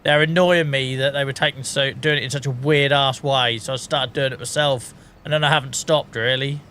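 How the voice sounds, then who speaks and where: A British gaming streamer chats casually and rants during a live stream, often laughing at his own jokes. His medium-pitched voice is pushed and bright, with fairly even intonation and a slightly fast pace. There's a little hiss or hum in the recording.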